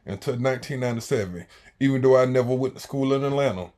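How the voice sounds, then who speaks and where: A man, telling a story in slangy casual talk that swings between loud and quiet. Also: mid-range voice, fast. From Jacksonville, Florida, US. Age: 40s.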